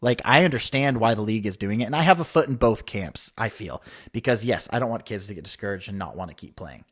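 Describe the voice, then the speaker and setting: A man's voice: fairly low pitch, fast. A man in his thirties co-hosting a podcast, telling a story in casual chat and quoting the people in it. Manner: animated storyteller, quotes others in voices. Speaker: podcast co-host.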